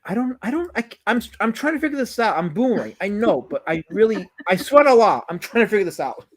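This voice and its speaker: A man's voice: high voice, very animated, fast. A man hosting a live drawing stream, chatting casually and slipping into mock-offended, theatrical complaints. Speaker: livestream host.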